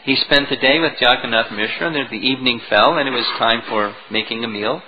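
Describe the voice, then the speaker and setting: A man lecturing as a spiritual teacher, retelling a devotional story in an animated way, on a dull lo-fi recording. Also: mid-range voice, a little fast, slight background noise. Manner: animated storytelling, chuckling at moments.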